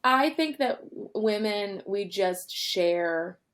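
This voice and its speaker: A woman comedian talks as a podcast guest. She makes her points earnestly, often halting and restarting her sentences. Her voice sits at a middle pitch. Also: expressive, crowd noise. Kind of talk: casual chat.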